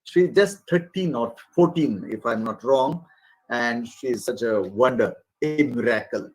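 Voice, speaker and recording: A man giving an online faculty training lecture, expressive and often pausing with fillers. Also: mid-range voice, husky, rough recording. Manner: expressive, animated, with frequent fillers. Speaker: college lecturer.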